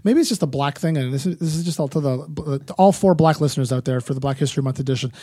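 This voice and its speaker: A man's voice: on the high side, fast, mellow, husky, no echo, clean studio sound. A man co-hosting a comedy podcast, joking in a self-deprecating way and swearing casually. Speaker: podcast co-host. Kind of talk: comedic banter.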